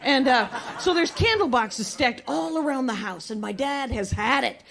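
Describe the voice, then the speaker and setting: A middle-aged woman doing a stand-up comedy set on stage, telling stories with wry, deadpan delivery. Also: high-pitched, normal speed, gravelly, slight background noise.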